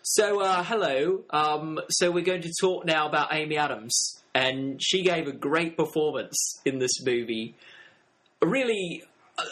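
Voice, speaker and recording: A man's voice: fairly high pitch, fairly bright tone, lightly acted. A man on a podcast voicing a mock English cousin, a young man with a put-on English accent who keeps breaking into giggles. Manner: hammy, giggly, self-mocking. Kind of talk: comic podcast bit.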